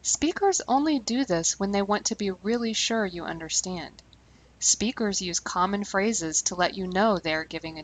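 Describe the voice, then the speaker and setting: A woman language teacher giving scripted instructional narration, speaking clearly and slowing down deliberately on key terms. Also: mid-range voice, poor audio.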